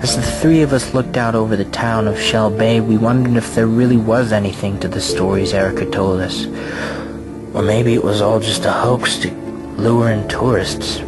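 Low-pitched guy reading a creepy story out loud, music going underneath. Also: steady tone, moderate pace. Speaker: narrator. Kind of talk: scripted narration. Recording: clear background music.

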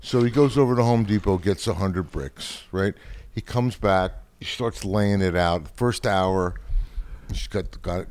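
A man's voice: deep voice, measured pace, a little mellow. An older man telling a joke in a rambling way, full of fillers. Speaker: family member guest.

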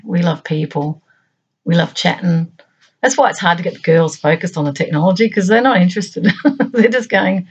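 A middle-aged woman hosting her own channel, musing aloud in a reflective monologue of short, halting phrases. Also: lowish voice, breathy edge. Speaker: channel host.

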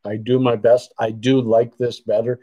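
A man from Canada chats loosely with his livestream viewers, working through their comments in a wandering way and dropping sentences midway. The mid-range voice is warm, flat, and at normal speed, recorded at a computer desk with a muffled sound.

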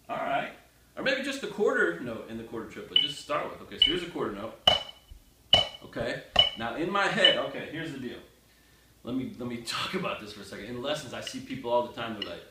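A man teaching a casual music lesson, chanting counts and rhythm words aloud and talking to the student in a joking, direct way. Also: medium pitch. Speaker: drum teacher. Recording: roomy sound from a distance with loud noise.

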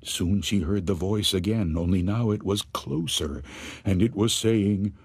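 Slow, husky storytelling man. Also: on the low side, no echo. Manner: slow, suspenseful, expressive telling. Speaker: audiobook narrator. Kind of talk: scripted storytelling narration.

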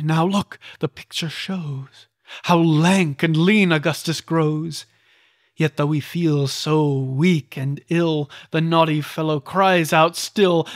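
A reader narrates old rhyming children's tales with a theatrical touch, swooping up for exclamations and dropping low for grim endings. The pace is slow and unhurried at a middle pitch. The recording is dry and close, with no room echo. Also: steady tone. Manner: deliberate, theatrical reading with voiced characters. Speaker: audiobook reader. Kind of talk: storybook verse narration.

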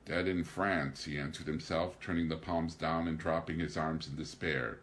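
A man's voice: level tone, normal speed, slight background noise. A man reading a novel aloud as an audiobook narrator, narrating evenly and lifting his voice for the dialogue. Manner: raises pitch and volume for dialogue, narrates evenly. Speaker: audiobook reader. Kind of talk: scripted narration.

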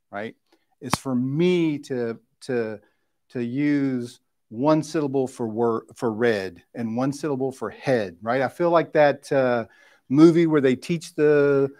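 Man teaching a relaxed Bible class. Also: fairly high pitch. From West Tennessee. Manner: informal, keeps asking "right?", restarts and checks in with the class. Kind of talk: conversational Bible study lesson. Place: church classroom.

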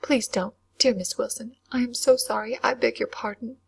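A woman voicing an excitable, mischievous schoolgirl in a whispered role-play reading, coaxing and breathless. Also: a little high, fast, husky, pitched above the performer's own voice. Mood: distressed.

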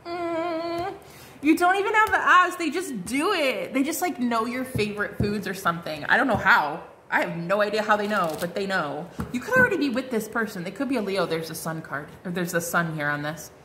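A woman's voice: mid-range voice, expressive, fairly quick, hardly any pauses, pushed and bright, slight background noise. A woman giving a casual tarot card reading, chatty and bubbly, full of fillers and exclamations. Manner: chatty, bubbly, lots of "like" and "oh my God".

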